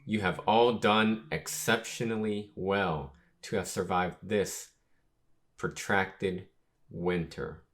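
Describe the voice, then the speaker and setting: Man voicing a young ruler, solemn proclamation, formal, measured, deep voice. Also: fairly even intonation, a bit bright.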